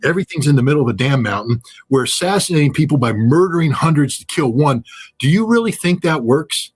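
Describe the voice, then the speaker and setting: Husky, blunt-talking male analyst. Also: a little high, expressive, quick pace. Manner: blunt, sarcastic, jokey. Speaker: guest analyst. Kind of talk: animated interview commentary.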